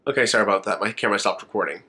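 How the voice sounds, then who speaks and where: A man's voice: on the low side, rapid-fire, bright, forceful tone, a little hiss or hum. A young man chatting to camera in a makeup vlog, rambling, emotional and laughing often. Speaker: makeup vlogger. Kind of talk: casual chat to camera.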